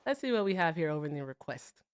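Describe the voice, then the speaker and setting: A woman in her thirties hosting a live call-in stream, chatting casually and bluntly, swearing freely and giving viewers shout-outs. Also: low-pitched, sing-song, fast talker, clean tone.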